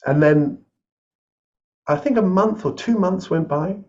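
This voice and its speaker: A man, a composer and flute maker, telling a story in a casual chat over a video call, animated and laughing often as he acts out the people in it. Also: high-pitched, a little slow. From England. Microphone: webcam on a video call. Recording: slightly dull lo-fi call audio.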